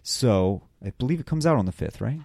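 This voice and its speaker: A man's voice: medium pitch, lively intonation, brisk, creaky, warm tone, no room sound. A man co-hosting a podcast in casual chat, joking and playful as he hypes the segments. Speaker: podcast co-host.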